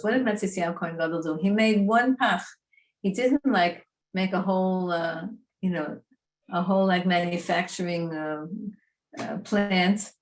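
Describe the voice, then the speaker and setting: A woman teaching a Torah class in a lively, chatty, emphatic way. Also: mid-range voice.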